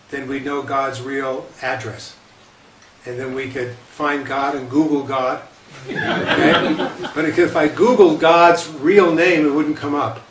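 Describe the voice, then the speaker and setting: Man, rabbi type, fairly high voice, lecturing with casual asides, recorded in a roomy hall from far off with faint hiss. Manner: conversational, often checks in with "okay?" and repeats himself. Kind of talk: lecture with light humor. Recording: roomy echo, distant mic, faint hiss.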